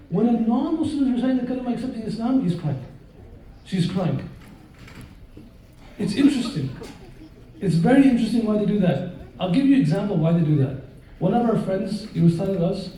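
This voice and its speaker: A man preaching a live sermon, telling stories and turning to question and joke with his audience. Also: high-pitched. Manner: lively storyteller who questions and jokes with the audience. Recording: very roomy echo, voice far from the mic.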